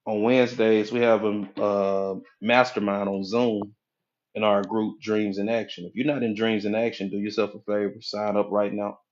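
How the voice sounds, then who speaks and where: A man with a fairly low voice talks casually to viewers on a live stream, greeting them by name and repeating his points for emphasis. He coaches on mindset and pitches his community. The audio sounds dull and lo-fi. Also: level tone, normal speed, a little mellow.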